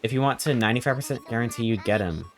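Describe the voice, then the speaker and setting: A man's voice: medium pitch, racing. A young man streaming a game, chatting casually with viewers in a playful, rambling, joking way as he reacts to chat. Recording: game music playing behind the voice.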